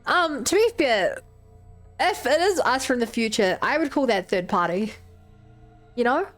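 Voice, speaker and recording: High-voiced, rambling woman streamer, with soft music underneath. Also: lively intonation, unhurried. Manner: chatty, rambling, laughs easily. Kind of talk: casual live-stream commentary.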